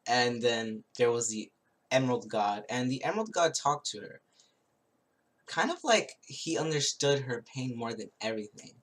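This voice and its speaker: A man giving a casual spoken tarot reading, rambling and halting, with many restarts and little chuckles as he recounts a show. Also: mid-range voice, expressive, a bit bright. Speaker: tarot reader.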